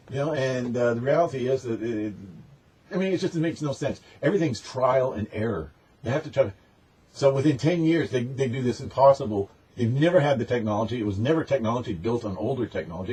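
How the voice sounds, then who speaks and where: A man's voice: medium pitch, lively intonation, normal speed, a little mellow, breathy edge. A man delivering a rambling, emphatic, unscripted monologue in a conspiratorial tone as a spiritual channel host.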